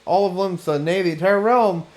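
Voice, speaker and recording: A man's voice: high-pitched, normal speed, darkish tone, voice pushed up, lightly acted. A man voicing a pompous, theatrical male aesthetician in a game, with a put-on French accent. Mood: melodramatic. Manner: mock French accent, grand and dramatic reading.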